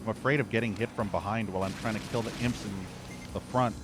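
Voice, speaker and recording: A man's voice: fairly low pitch, steady tone, fast talker. A man streaming a shooter game, giving live commentary with frequent profane, frustrated rants. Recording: game music and gunfire behind.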